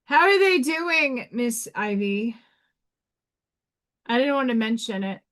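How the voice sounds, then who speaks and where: Speaking slowly in a fairly high, bright, expressive voice, a live stream host from Staten Island, New York reads oracle cards. Her talk is frank and casual, peppered with swearing and restarted sentences.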